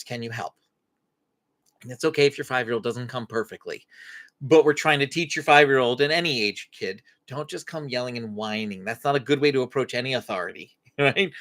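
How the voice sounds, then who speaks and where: A woman's voice: very deep voice, a bit bright. A woman hosting a faith-based parenting Q&A live stream, acting out short parent-child dialogues as she teaches.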